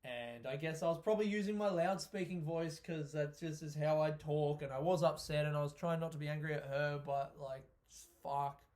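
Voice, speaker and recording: A man, a comedian, talking through a casual solo podcast monologue in an animated, sweary way, often laughing. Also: on the high side, moderate pace, few pauses. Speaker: stand-up comedian hosting his own podcast.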